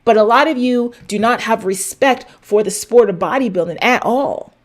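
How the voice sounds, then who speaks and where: Speaking at a moderate pace with a fairly high pitch, a middle-aged woman on a fitness show delivers direct-to-camera advice. The tone is blunt and sermonizing, with swearing for emphasis and repeated phrases for impact.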